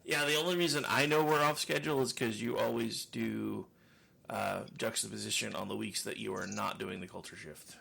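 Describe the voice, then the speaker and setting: Gravelly husky guy rambling on a podcast, laughs a lot, bright edge. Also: on the low side, steady tone, moderate pace. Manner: laughs often, joking, rambling. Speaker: co-host. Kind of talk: casual podcast chat.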